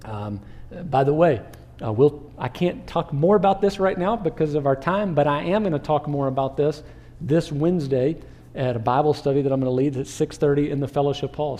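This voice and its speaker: A man preaching a sermon as pastor, animated, asking the listeners questions and acting out crowd voices. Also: medium pitch.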